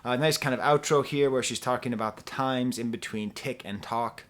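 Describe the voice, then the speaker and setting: Man, middle-aged, casual music review, rambling asides, jokes, hums melodies, mid-pitched voice. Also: normal speed, fairly bright tone. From US East Coast. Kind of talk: casual album review vlog.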